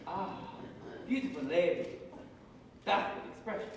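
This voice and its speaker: An actress playing a flustered elderly hostess with a weak heart, fussy and theatrical, on stage in a musical. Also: female voice, fairly low pitch, unhurried, creaky, background noise. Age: older. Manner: fussy and theatrical, swooping exclamations. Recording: echoey theatre stage, mics far off.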